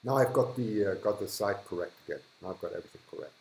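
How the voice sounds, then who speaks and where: A man's voice: fairly low pitch, fast talker, darkish tone, a little hiss or hum, poor audio. Chatty man hosting a live stream. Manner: chatty, thankful, with restarts and chuckles. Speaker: livestream host. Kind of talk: casual live-stream chat reading viewer comments. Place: hot humid room indoors.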